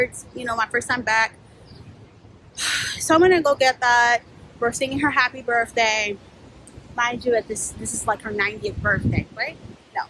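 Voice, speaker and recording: A young woman with a fairly high voice tells her own story frankly and with plenty of swearing. She jumps into the voices of the people she quotes, with a thin hiss of noise underneath. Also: normal speed, pauses often, low-quality recording. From New York. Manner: blunt, profane, animated, acts out quoted voices. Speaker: spiritual life coach. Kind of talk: candid personal storytelling.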